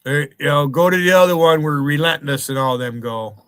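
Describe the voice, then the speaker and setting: A man's voice: a little high, fairly quick, a bit bright, clean tone, no echo. A man hosting a livestream, ranting angrily and profanely and calling out viewers by name. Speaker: livestream host. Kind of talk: angry livestream rant.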